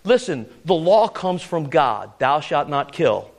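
A middle-aged male preacher with a high, gravelly voice that leaps all over the place. He swings from booming declarations to hushed asides, keeps checking in with "listen" and "ready?". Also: sing-song, unhurried. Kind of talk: sermon.

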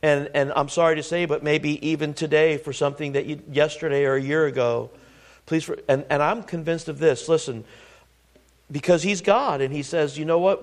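A man's voice: on the high side, steady tone, moderate pace. A male pastor preaching a sermon, reading scripture aloud and speaking earnestly, often restarting his phrases. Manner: earnest, with restarts and rising emphasis.

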